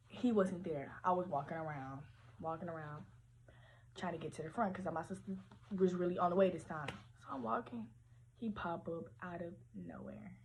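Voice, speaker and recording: A young woman telling a story from her teens on a casual livestream, animated, slangy and full of profanity. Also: on the low side, a little hiss or hum.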